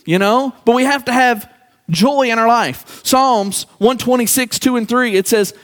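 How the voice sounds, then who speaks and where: High-voiced preacher in an echoing hall. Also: male voice, fairly bright tone. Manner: halting, repeats words, calls out to congregation. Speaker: pastor. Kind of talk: sermon. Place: church sanctuary. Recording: church hall with long reverb.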